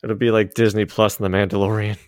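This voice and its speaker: A man's voice: fairly low pitch, level tone, no room sound, clean studio sound. A man co-hosting a podcast in casual chat, cracking jokes and swearing casually. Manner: joking, quick with wisecracks, swears casually. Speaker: podcast co-host.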